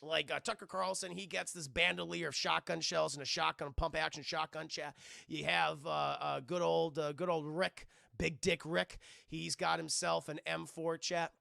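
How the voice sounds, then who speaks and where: A man giving an animated, profane scene-by-scene film recap to his stream chat, acting out the characters' lines. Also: a little high, moderate pace, creaky, no room sound, studio quality.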